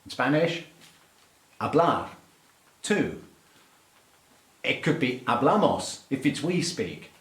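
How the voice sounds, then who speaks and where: A man's voice: mid-range voice, sing-song, slow pace, pauses often, a bit bright, roomy sound. A middle-aged English man with an English accent, an aviation English teacher giving a playful, mock-exasperated rant to camera. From England. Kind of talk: light-hearted rant to camera.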